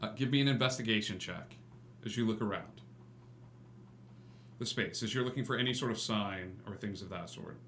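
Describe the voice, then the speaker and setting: A man narrating as game master of a tabletop game, relaxed and full of fillers. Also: fairly low pitch, moderate pace, pauses often. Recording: echoey room with faint hum.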